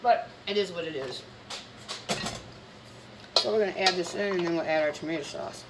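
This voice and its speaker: A woman's voice: lowish voice, normal speed, heavy background noise. A woman cooking in her home kitchen, talking in a blunt, rambling, chatty way while sick with bronchitis. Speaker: cooking vlogger. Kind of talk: casual chatty cooking vlog.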